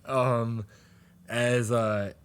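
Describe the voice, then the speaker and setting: A man's voice: mid-range voice, little pitch movement, drawn-out words, clean tone. A man co-hosting a podcast, casually recapping a comic, rambling and laughing often as he acts out lines. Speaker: podcast co-host.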